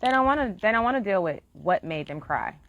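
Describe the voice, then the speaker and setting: A woman swears freely in a sincere live-stream monologue, urging her listeners with heartfelt encouragement. Her mid-range voice swings widely in pitch and moves fairly quickly, captured on a dull, dry lo-fi recording.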